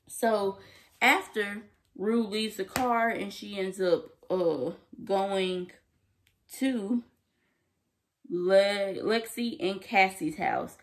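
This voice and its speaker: A young woman casually recapping a TV episode to camera, animated and emphatic, full of slang and laughter. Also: medium pitch, very slow. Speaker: TV episode reviewer.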